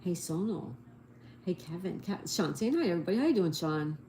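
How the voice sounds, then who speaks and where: A woman's voice: lowish voice, animated, brisk, dark tone, slight background noise. A woman hosting a casual livestream, chatting with viewers and spelling answers letter by letter, recorded on a phone at home. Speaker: livestream host.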